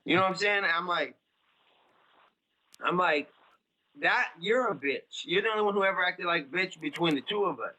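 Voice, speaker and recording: Man, 30s, interview guest: blunt, cursing, rambling, sharp forceful tone, slightly high voice. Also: fairly quick, long pauses, muffled recording. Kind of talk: casual interview talk.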